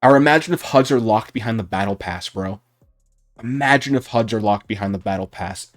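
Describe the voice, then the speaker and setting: A young man giving unscripted commentary on a video game, heated and profane, with his voice rising toward shouting. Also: lowish voice, fairly quick, faint music behind. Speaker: gaming YouTuber.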